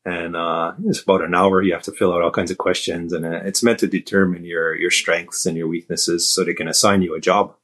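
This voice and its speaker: A middle-aged man from Canada, a podcast guest, telling stories in a relaxed, self-deprecating way with many fillers. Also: sits low, fairly quick, hardly any pauses. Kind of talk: casual storytelling.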